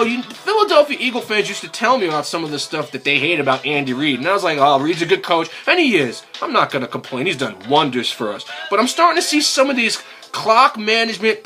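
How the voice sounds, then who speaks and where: A young man hosting a fan video, ranting in exasperation about his football team, swearing and climbing to near-shouts. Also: high-pitched. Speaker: sports fan video host. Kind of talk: ranting football recap vlog.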